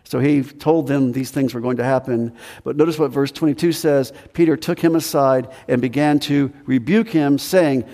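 Male pastor mid-sermon, chatty and emphatic, booming church reverb. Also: normal speed, dark tone. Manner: conversational preaching, pitch rises and drops for emphasis. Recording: long reverb of a large hall.

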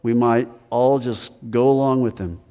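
A man's voice: mid-range voice, moderate pace, warm tone, smooth, in a large hall. A male pastor preaching a sermon on scripture who sometimes acts out the lines of the people in it with a raised voice.

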